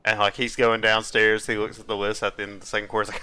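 A man in his twenties co-hosting a casual movie-review podcast, telling stories in an animated way and laughing often. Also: on the low side, racing, few pauses, clear, resonant tone. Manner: animated storyteller who acts out quotes and laughs often. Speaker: podcast co-host.

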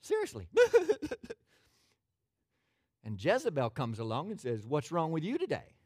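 A man preaching a sermon as pastor, folksy and animated, asking his listeners questions. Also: on the high side, a little fast, no room sound, studio quality.

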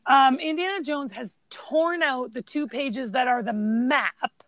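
High-voiced woman chatting in a dry room. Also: takes it slowly, no echo. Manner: chatty, animated storytelling. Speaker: podcast co-host. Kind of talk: casual chat about films.

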